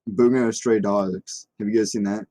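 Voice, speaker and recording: A man appearing as a guest in a casual podcast chat, low-key and quick to laugh. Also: steady tone, dark tone, no echo.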